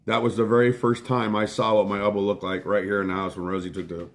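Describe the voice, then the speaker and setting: A man's voice: on the low side, flat delivery, fast talker. A middle-aged man hosting a casual live stream from home, telling a rambling story full of swearing and breaking off to thank viewers. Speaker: livestream host.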